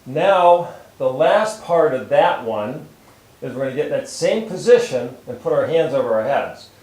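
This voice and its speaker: A chiropractor calmly talking through posture stretches step by step while he demonstrates them. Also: medium pitch, normal speed, reverberant, rough recording. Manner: calm, steady step-by-step instruction while moving. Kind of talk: instructional exercise demonstration.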